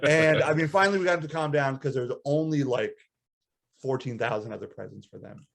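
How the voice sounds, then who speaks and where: A man on a casual podcast, telling a story with plenty of energy. He swings up into high-pitched laughter as he goes, and his voice sits at a middle pitch. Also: a little fast, vocal fry. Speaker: podcast co-host.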